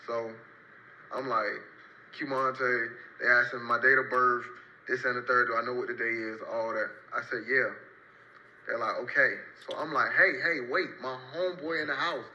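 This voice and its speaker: Bright-voiced man telling a story. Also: mid-range voice, flat delivery, moderate pace, muffled recording. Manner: emphatic, repeats phrases. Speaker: storyteller in a played clip. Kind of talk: casual storytelling.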